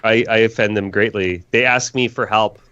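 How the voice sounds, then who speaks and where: A man co-hosting a casual gaming podcast, telling stories in a joking, animated way. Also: on the low side, normal speed, clean tone, dry recording. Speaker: podcast co-host. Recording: dull, dry podcast mic.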